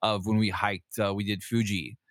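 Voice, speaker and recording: A man's voice: on the low side, little pitch movement, normal speed, fairly bright tone, no echo, clean studio sound. A man, a Navy veteran hosting a podcast, telling a story casually with lots of fillers, swearing and laughter. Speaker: podcast host.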